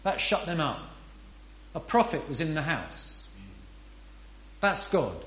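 A man's voice: fairly high pitch, sing-song, slow pace, fairly bright tone. A man preaching a sermon in an earnest, emphatic way, often asking rhetorical questions. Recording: roomy echo.

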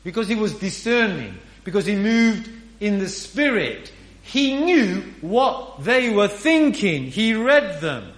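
A man's voice: high-pitched, sing-song, takes it slowly. A man preaching a sermon in an earnest, emphatic way, often asking rhetorical questions. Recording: roomy echo.

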